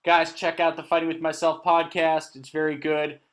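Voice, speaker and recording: High-voiced man cracking jokes on a podcast. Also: little pitch movement, normal speed, fairly bright tone. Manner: joking, teasing banter. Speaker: podcast co-host. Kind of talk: casual chat.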